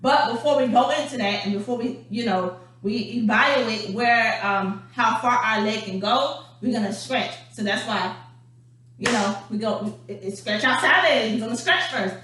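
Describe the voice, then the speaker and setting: Woman dance coach, breathless and chatty, higher voice, roomy distant recording. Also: normal speed. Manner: energetic, chatty, calls viewers honey and darling. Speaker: dance instructor. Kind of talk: home workout instruction. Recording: very echoey room, mic far off, faint hum.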